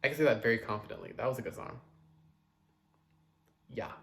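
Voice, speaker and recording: A man casually reviewing new pop releases, chatty and dramatic, with quick asides and loud outbursts. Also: mid-range voice. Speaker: music reviewer.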